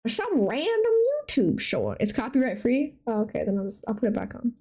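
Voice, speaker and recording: A woman's voice: a little high, very animated, a little fast, hardly any pauses, warm tone. A woman hosting a live stream, chatting casually and reacting animatedly to viewers' artwork. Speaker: livestream host showcasing community art.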